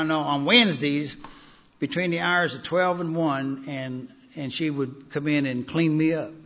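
A man's voice: high-pitched, sharp tone. A man giving a personal recovery talk to a meeting, telling his story in a folksy way full of "you know". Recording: dull-sounding recording in a reverberant hall.

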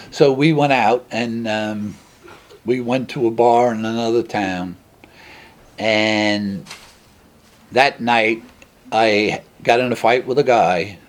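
A man's voice: on the low side, a little hiss or hum. A middle-aged man telling a rambling, self-mocking story at a meeting, with many fillers and laughs. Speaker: speaker sharing his story at a recovery meeting.

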